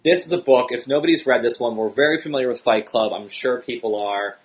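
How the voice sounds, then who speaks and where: Casting: podcast host, man with a mid-range voice, animated and excitable. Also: a little fast, rough recording. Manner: animated, excitable, jumps high in pitch when worked up. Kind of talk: casual podcast chat.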